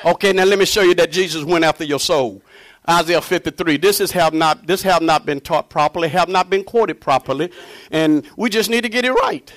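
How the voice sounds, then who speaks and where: This sermon comes from an impassioned preacher whose voice is fairly high for a man. He alternates between shouted, booming proclamations and quiet murmurs, speaking fairly quickly.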